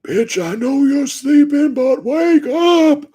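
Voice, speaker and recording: A man's voice: very high-pitched, expressive, takes it slowly, dark tone, voice pushed up, heavily acted. A man voicing an angry older man in a wheelchair hollering up at a window in a demanding way. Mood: yelling. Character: irate older man in wheelchair bellowing upward.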